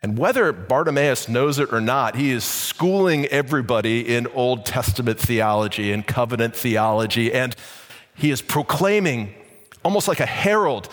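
Male pastor, mid-pitched, chatty sermon full of "uh"s, echoing sanctuary. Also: lively intonation, moderate pace. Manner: conversational preaching with many fillers and restarts.

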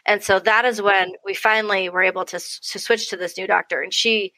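A woman's voice: medium pitch, brisk, dry recording, poor audio. A young adult woman, a podcast guest and mother, telling stories in casual chat, often acting out voices and laughing. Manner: animated storytelling, acting out quoted voices, frequent laughs.

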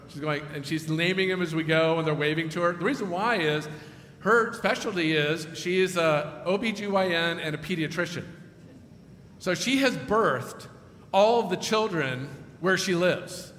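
A male pastor delivers a sermon in a forceful, bright voice set slightly high, dropping to hushed tones and then swelling to emphatic peaks. He sounds like he is in a church sanctuary, with a long, roomy reverb trailing his words and a faint noise underneath. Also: normal speed. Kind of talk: sermon storytelling.

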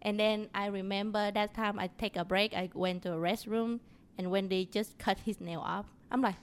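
A woman's voice: medium pitch, steady tone, normal speed, smooth. A woman from Vietnam with a Vietnamese accent, chatting cheerfully as a podcast guest in broken English. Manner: cheerful, broken English with dropped verb endings. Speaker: nail technician guest. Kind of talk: casual podcast chat.

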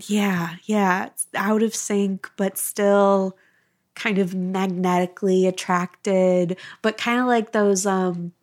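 A woman's voice: medium pitch, steady tone, slow pace, darkish tone. A woman from Wisconsin co-hosting a podcast, chatty and agreeable, laughing often as she talks. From Wisconsin, USA. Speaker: podcast co-host. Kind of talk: casual podcast chat.

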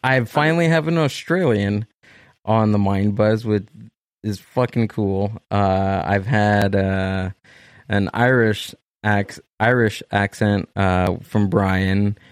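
A man's voice: on the low side, slow pace, clean tone, no room sound, studio quality. A man with a Southern Californian accent hosting a podcast, rambling enthusiastically with many restarts. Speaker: podcast host. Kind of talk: casual chat.

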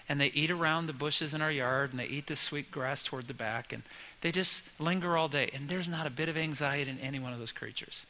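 A middle-aged pastor giving a sermon, telling family stories in a relaxed conversational way and acting out lively quoted voices. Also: male voice, mid-range voice, low-quality recording.

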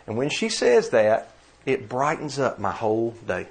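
A man preaching a sermon, earnest and emphatic, slowing down to read scripture. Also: mid-range voice, big pitch swings.

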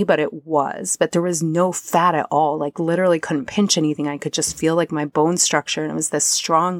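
Woman, low voice, soft and earnest, near tears at times, dry close recording. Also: no echo. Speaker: podcast host. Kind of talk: personal reflective monologue.

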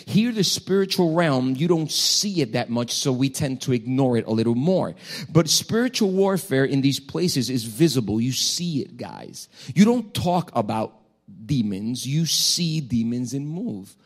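A male pastor delivers a sermon by telling a personal story. His delivery is animated, with frequent restarts and repeated phrases. His voice sits at an ordinary middle pitch for a man. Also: measured pace.

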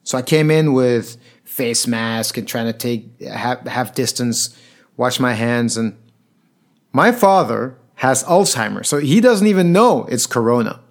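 A man's voice: medium pitch, animated, unhurried. A man telling a personal story to an audience in an earnest, reflective way.

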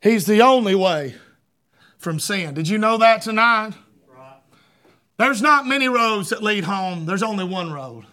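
Preacher guy shouting his sermon, real high voice, keeps tripping on and-and-and. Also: animated, a little slow, pauses often. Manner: shouting fervently, with frequent repeated words.

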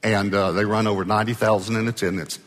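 A man's voice: lowish voice, fairly even intonation, fast, a bit bright. A male pastor preaching a sermon in a conversational way, prompting the congregation to answer him. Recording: long hall reverb.

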